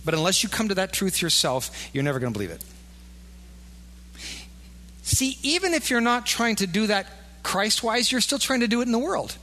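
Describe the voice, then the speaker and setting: A male pastor preaches in an easygoing, talky way, slipping into the doubting voices of his listeners. His voice is bright and a little high, and it rings out with a long reverb in a church hall. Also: big pitch swings, normal speed, long pauses. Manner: conversational, acts out imagined inner voices. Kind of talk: sermon.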